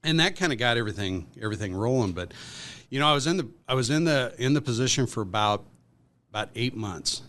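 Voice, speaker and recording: A man's voice: medium pitch, lively intonation, fast talker, fairly bright tone. A man who is a guest on a podcast, telling workplace stories in a rambling, casual way with lots of fillers. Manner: rambling anecdotal storytelling with many fillers. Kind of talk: casual storytelling.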